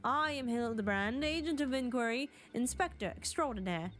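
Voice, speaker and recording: Woman doing a pompous gentleman detective, theatrical, grandiose, slightly high voice. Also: expressive. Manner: grandiose, rapid deductions.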